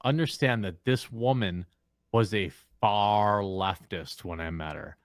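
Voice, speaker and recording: A drunk man rants on his livestream, blunt and crude, hammering his points. His voice sits on the low side. The sound is dry and close, with no room around it. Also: measured pace, dry recording. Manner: blunt, crude, emphatic ranting. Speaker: streamer. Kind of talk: ranting on a livestream.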